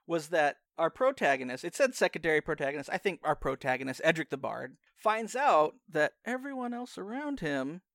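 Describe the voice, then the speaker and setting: A man narrating a tabletop game as game master, animated and quick to laugh, thinking aloud. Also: fairly high pitch, creaky, no echo, studio quality.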